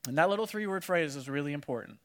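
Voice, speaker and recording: A man preaching a casual sermon, telling the story with animated energy and acting out what people said. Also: on the high side, quick pace. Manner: animated storytelling, acts out quotes, many "like"s. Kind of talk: casual sermon to a youth audience.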